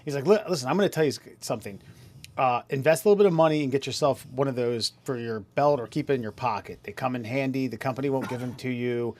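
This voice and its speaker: A man's voice: medium pitch, fast. A man co-hosting a podcast, telling work stories in a playful way and acting out the people in them. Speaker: podcast co-host. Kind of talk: casual chat, storytelling.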